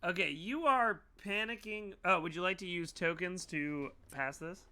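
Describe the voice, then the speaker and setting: A man narrating a tabletop role-playing game as game master, laughing often and slipping into quick character voices. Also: high voice, bright, forceful tone.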